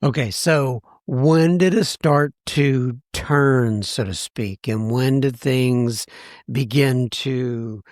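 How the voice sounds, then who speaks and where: A man's voice: medium pitch, takes it slowly, a little mellow, no echo, clean studio sound. A man hosting a podcast, asking questions and signing off in a jovial, announcer-like way. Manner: jovial, laughs easily, announcer-like delivery. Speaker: podcast host. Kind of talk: casual interview and show sign-off.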